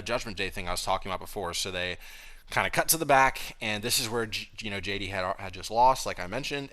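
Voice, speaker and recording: A young man co-hosting a podcast, chatting casually and acting out quotes in raised, animated voices. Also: on the low side. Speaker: podcast co-host. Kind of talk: casual chat recapping wrestling.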